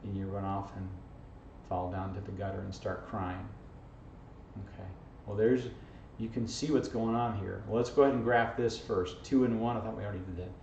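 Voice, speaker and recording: A man's voice: lowish voice, fairly even intonation, moderate pace, creaky, darkish tone. A man teaching an algebra lesson in a jokey, playful way, constantly checking in with "okay?" and "right?", recorded in a classroom from across the room. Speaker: math teacher. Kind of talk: informal video math lesson. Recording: echoey, distant, dull camera audio with faint hiss.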